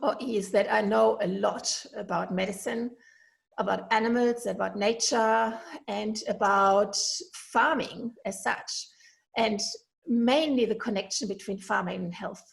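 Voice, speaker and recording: A German-accented woman in her forties talks eagerly through a solo podcast from her kitchen. Her voice has a gravelly, fry-tinged texture, and she rambles a little with ums and uhs as her excitement carries her along. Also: medium pitch, measured pace, poor audio. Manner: enthusiastic, rambling with fillers. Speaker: podcast host, veterinarian. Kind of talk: casual solo podcast monologue. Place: home kitchen.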